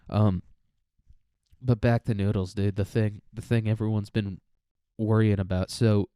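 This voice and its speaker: A young man rambles through a solo podcast in a crude, easygoing way, often breaking into laughter. His voice is mellow, smooth and warm. The recording is close and dry, and he sounds a little tired. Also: lowish voice, no echo. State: mentally tired. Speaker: student podcaster. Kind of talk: casual solo podcast monologue.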